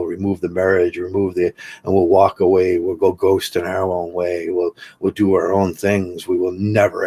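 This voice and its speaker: An older man hosting a livestream, talking casually in a rambling, halting way with many fillers while he reads chat comments. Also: low-pitched, darkish tone, slightly rough. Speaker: livestream host.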